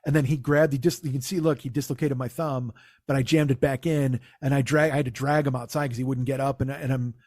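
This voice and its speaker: A man's voice: mid-range voice, steady tone, fast talker, darkish tone. A man, a comedian and podcast host, telling a long casual story and quoting people with "I go, he goes" and frequent restarts. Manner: rambling, conversational, quotes others with "I go, he goes".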